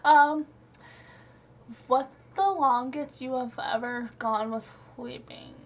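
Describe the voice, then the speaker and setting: Slow, hesitant young woman vlogger. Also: on the high side. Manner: hesitant, many ums, giggly. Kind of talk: question-and-answer tag video.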